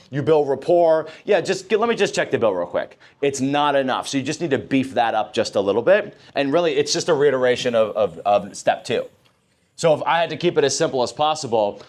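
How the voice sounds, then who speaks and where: A man leads a sales training session in a mid-range voice. He talks his team through a process step by step and asks the room questions. He acts out the lines he would say to customers. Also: mid-range voice.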